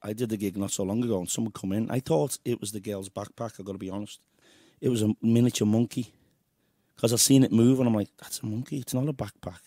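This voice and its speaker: Brief: English host, gravelly husky voice, chatty storyteller. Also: male voice, lowish voice, steady tone, fast talker, dark tone, no echo, studio quality. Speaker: host and musician. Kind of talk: casual interview chat.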